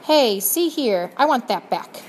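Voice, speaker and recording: Woman playing a remorseful old male prisoner, storybook, rough plain speech, sniffing, faint background noise. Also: medium pitch, measured pace, natural voice. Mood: shouting angrily.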